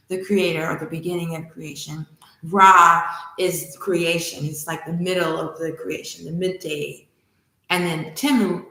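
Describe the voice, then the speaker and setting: A woman hosting a spiritual livestream, teaching and telling a myth with enthusiastic, animated delivery. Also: fairly low pitch. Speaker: spiritual study host. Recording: echoey room.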